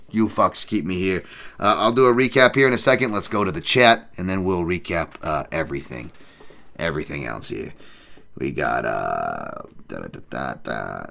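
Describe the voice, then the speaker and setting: A man's voice: lowish voice, vocal fry, sharp tone. A male podcast host giving casual betting picks and reading chat, with profane, joking, rambling banter. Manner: reads odds and chat comments aloud.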